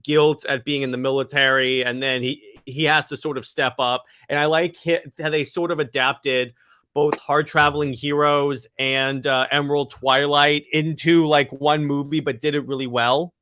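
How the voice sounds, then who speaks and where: A man's voice: a little high, level tone, normal speed, pushed and bright, smooth. A man co-hosting a podcast, chatting casually and enthusiastically about a film, with lots of "like" fillers. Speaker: podcast co-host. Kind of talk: casual discussion of a comic-book film.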